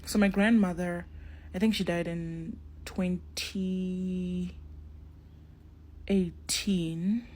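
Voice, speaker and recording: A woman's voice: fairly low pitch, fairly even intonation, extremely slow, long pauses, a little mellow. A young woman tells a spiritual story casually to her viewers and acts out the dialogue. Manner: acts out dialogue in shifting voices, talks straight to viewers.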